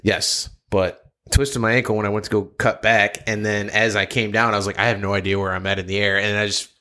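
A man's voice: on the low side, little pitch movement, brisk, sharp tone. A man co-hosting a podcast, telling stories in casual, profane banter and complaining that he is sore from a fall. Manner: profane, laughing, storytelling. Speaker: podcast co-host. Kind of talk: casual chat.

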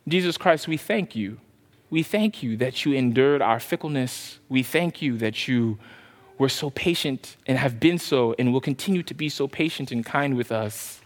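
A male pastor preaching a sermon with passion, then leading a soft, slow prayer. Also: medium pitch, animated, long reverb tail.

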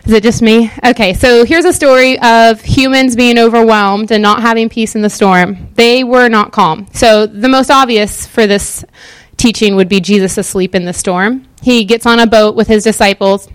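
A woman giving a casual, sermon-style Bible teaching in a chatty, animated way with many fillers. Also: on the high side, normal speed, clear, resonant tone, dry recording.

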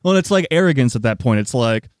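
A young man with a middle-pitched voice plays along in a deadpan improvised comedy bit, agreeable and earnest. The sound is close and dry, with no room around him. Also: dry recording. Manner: agreeable, earnest, quick back-channel replies.

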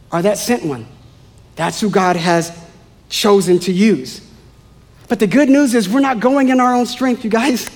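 A man with a strikingly high voice preaches to his congregation. He talks in a conversational, animated way and slips in playful asides between points. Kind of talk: sermon.

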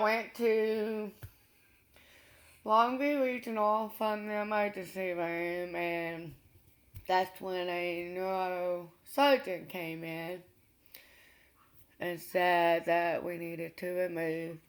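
A woman recounting a personal experience in an interview, earnest and unhurried, with pauses and restarts. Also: on the low side, fairly even intonation, fairly bright tone.

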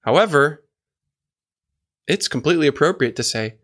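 A man's voice: mid-range voice, expressive, moderate pace, a bit bright. A man hosting an instructional podcast, explaining listening skills and demonstrating changes in his volume and speed. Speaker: podcast host and coach.

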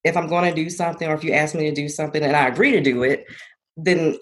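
A woman's voice: sits low, fast talker. Earnest young woman, reflective interview guest. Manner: reflective, earnest, laughs easily. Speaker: guest, former college athlete turned entrepreneur. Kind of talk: conversational interview.

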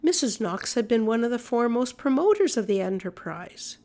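A woman reading an old-fashioned story aloud in a measured, even storytelling manner. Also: a little high. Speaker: audiobook narrator. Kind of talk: scripted narration.

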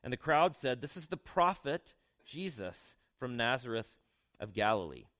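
Speaking at a moderate pace in a mid-range voice, a younger man preaches like a pastor chatting with his flock. He reads scripture, drifts into asides, and puts questions to the congregation.

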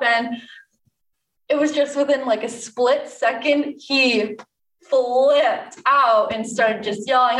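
A woman's voice: high voice, steady tone, slow, a bit bright. A young woman, a bartender, telling a story in casual chat, laughing often and chatty with fillers. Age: young adult. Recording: echoey room from a distance.

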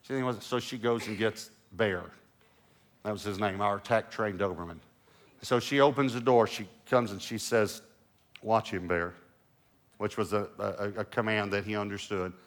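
A middle-aged male pastor preaching a sermon, an animated storyteller who drops to hushed lows and rises to loud bursts. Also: moderate pace.

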